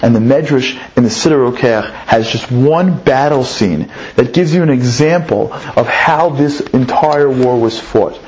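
A man teaching through a story in an animated way, his voice climbing high on emphatic points and repeating words as he builds the tale. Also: a little slow, few pauses. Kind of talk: storytelling lesson. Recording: dull lo-fi recording.

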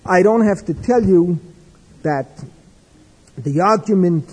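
An older man giving a discursive religious lecture with stories, in a husky voice. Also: sits high, lively intonation, takes it slowly, darkish tone. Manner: discursive, wry, with Hebrew and Yiddish terms. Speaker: religious teacher. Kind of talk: lecture with storytelling. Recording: echoey hall with long reverb.

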